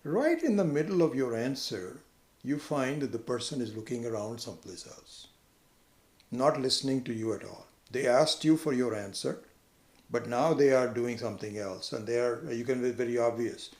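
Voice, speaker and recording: A man giving a conversational lecture on scripture, who now and then jumps into a much higher voice when acting out what other people say. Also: lively intonation, moderate pace, a little mellow, reverberant. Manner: conversational, acts out quoted people with sudden high pitch. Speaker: spiritual teacher.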